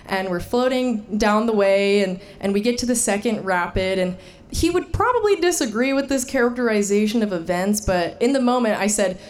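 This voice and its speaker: Woman telling a lively personal story. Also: medium pitch, normal speed. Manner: animated, laughing, shouting the quoted lines. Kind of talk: personal story told to an audience.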